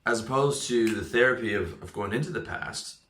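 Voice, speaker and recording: A man's voice: fairly low pitch, brisk, a bit bright, reverberant. A man coaching in a motivational talk, emphatic, often checking in with "okay?" and "right?", and swearing casually. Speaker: lifestyle coach.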